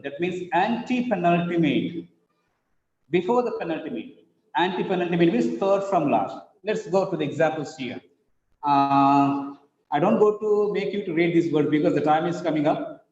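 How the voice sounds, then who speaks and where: A high-voiced man teaches word stress, spelling words letter by letter and repeating each one slowly. His voice rings in a roomy space with a long tail of reverb. The sound is dull and lo-fi. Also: a little mellow. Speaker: English teacher. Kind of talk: online pronunciation lesson. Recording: echoey room, dull lo-fi sound.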